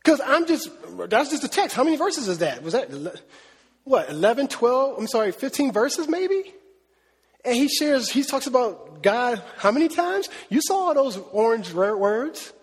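Preaching a sermon, a pastor speaks with a very high-pitched, husky, very animated voice at a normal speed, and a long reverb tail trails his words. His manner is conversational, and he often asks his listeners questions.

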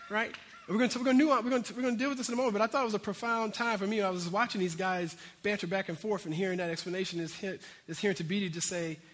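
A man with a high, bright voice preaches in a loose, conversational style, talking straight to his listeners. His words ring out in a hall with a long reverb. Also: rapid-fire. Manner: animated, conversational preaching with asides to the congregation. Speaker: pastor. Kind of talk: sermon.

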